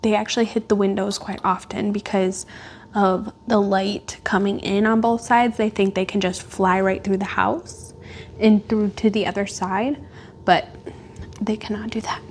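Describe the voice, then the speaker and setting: Standing indoors at home by a glass door, a woman rambles through a casual vlog chat packed with fillers. She speaks at normal speed in a steady, medium-pitched, darkish voice, with a little hiss or hum in the audio.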